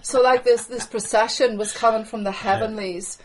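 A woman delivering charismatic prophetic prayer over a video call, fervent, with breathy exclamations. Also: a little high, steady tone, normal speed, a crowd in the background, rough recording.

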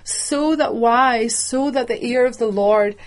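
A woman delivers a sermon slowly, taking her time over each phrase. Her voice sits a little high, and her emphatic, measured preaching stops to unpack the meaning of words.

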